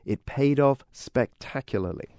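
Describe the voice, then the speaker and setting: Casting: British male reporter, even mid pitch, dry studio sound. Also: a little slow, clear, resonant tone, no room sound. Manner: chatty, often laughing. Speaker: radio reporter. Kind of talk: radio news feature narration.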